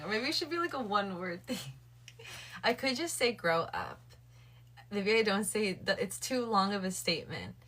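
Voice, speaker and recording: A woman talks casually to her livestream chat late at night. She addresses her viewers directly and thinks aloud with plenty of fillers. Her voice sits at a middle pitch for a woman. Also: a bit bright.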